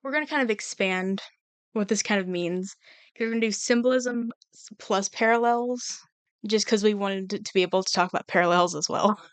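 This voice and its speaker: A woman co-hosting a casual podcast, relaxed and conversational, often chiming in with short agreements. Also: medium pitch, brisk, clean tone, no room sound. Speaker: podcast co-host.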